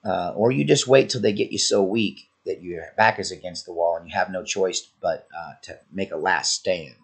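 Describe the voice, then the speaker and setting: A man's voice: deep voice, normal speed, creaky, husky. A man with a sore throat giving an earnest, warning commentary monologue as a channel host. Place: Oklahoma, US.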